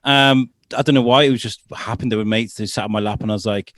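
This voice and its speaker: A man with a lowish voice co-hosts a podcast, talking quickly in a casual chat and telling stories as an animated narrator who acts out the quotes. The recording is dry and studio-clean.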